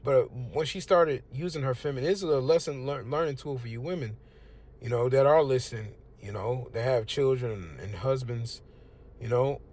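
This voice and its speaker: A man's voice: medium pitch, normal speed, a little mellow. A young man, preaching in a casual, emphatic and conversational way. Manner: conversational, emphatic, lots of "you know what I'm saying". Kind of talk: casual street-preaching talk.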